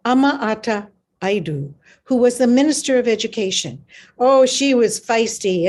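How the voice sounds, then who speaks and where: A woman's voice: on the high side, darkish tone. A woman hosting a radio talk show, chatting casually with her guest and laughing easily. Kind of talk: casual interview chat.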